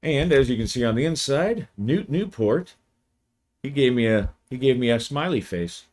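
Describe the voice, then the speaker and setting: A man, hosting his channel and giving a relaxed, rambling video review. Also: mid-range voice, normal speed. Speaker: channel host, game reviewer.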